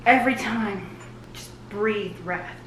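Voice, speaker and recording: A woman giving a live reaction commentary, gushing and excitable as she talks back to the screen. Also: mid-range voice, takes it slowly. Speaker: book and TV reviewer. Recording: roomy echo, faint hiss.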